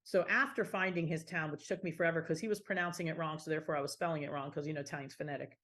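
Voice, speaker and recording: A woman's voice: sits low, fairly even intonation, very fast, fairly bright tone. A middle-aged woman from the Washington D.C. area, a podcast guest telling stories in a casual, chatty way full of fillers and restarts. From Washington D.C. area, United States. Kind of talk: casual conversational storytelling.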